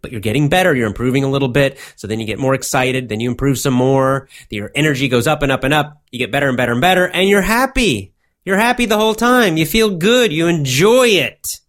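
A man giving a motivational English lesson, speaking slowly in simple words and repeating himself often. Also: mid-range voice, animated, fairly bright tone. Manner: slow, simple wording with many repetitions. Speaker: English teacher.

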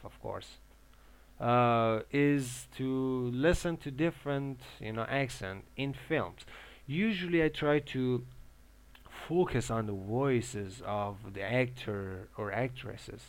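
A young man from Iran speaks English in a relaxed, unscripted monologue. His voice is smooth and resonant at a mid pitch. He stops often on filler sounds and restarts his sentences as he explains his tips for learning English. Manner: halting, with many filler pauses and restarts. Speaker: English learner giving advice. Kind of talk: casual monologue.

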